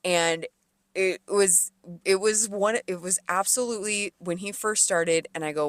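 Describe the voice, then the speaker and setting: A woman's voice: mid-range voice, normal speed, dry recording. A woman co-hosting a podcast in casual chat, blunt and sarcastic, swearing freely as she tells stories. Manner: blunt, profane, sarcastic storyteller. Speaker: podcast co-host.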